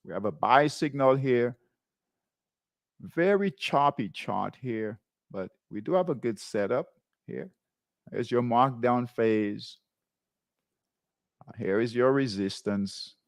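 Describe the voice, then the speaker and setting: A male trading host talks slowly, with a gravelly edge. His pitch moves in a lively way as he points out chart setups and checks in with viewers. The recording is dry and close. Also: dry recording. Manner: repeats tags like "right?" and "okay?" while pointing at charts. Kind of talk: live chart walkthrough.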